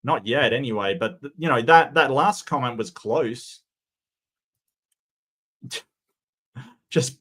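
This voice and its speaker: A man's voice: mid-range voice, slow, pauses often, fairly bright tone. A man giving sarcastic, mocking reaction commentary, often stumbling and restarting his sentences.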